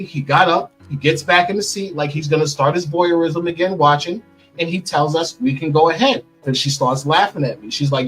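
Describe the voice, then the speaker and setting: A man's voice: a little high, a little fast, fairly bright tone, husky, soft background music, low-quality recording. A middle-aged man giving a candid interview, bluntly retelling events and acting out what others said. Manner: blunt, vivid retelling with quoted dialogue. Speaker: interview guest telling his story.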